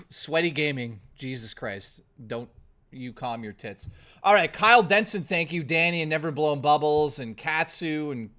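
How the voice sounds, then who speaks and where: A man livestreaming in casual chat, rowdy and profane, thanking chat and joking excitedly. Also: fairly high pitch. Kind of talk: casual live-stream chat.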